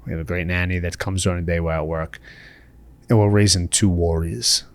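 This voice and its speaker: A man's voice: sits low, fairly even intonation, brisk. A middle-aged man from the Bronx, chatting candidly as a podcast guest, laughing often and saying "you know" a lot. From the Bronx, New York. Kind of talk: casual interview chat.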